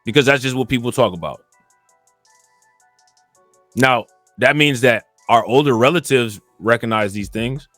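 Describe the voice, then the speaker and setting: A man from Cleveland talking in a casual, rambling commentary monologue. He often repeats filler phrases and gets more animated when indignant. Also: medium pitch, a little slow, pauses often, dry recording, faint music behind. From Cleveland, Ohio. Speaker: commentary channel host.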